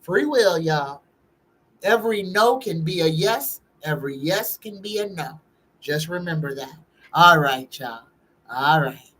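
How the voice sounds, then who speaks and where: A woman hosts a live-stream tarot reading and takes her time with every phrase. She chats casually, reads viewer questions out loud and greets people in the chat by name. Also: low-pitched, animated, unhurried, husky, rough recording. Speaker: psychic tarot reader and host.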